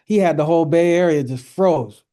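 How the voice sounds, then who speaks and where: Earnest radio host, high voice. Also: male voice, moderate pace. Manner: earnest, reverent, then lively and laughing. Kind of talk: casual radio talk. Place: radio studio.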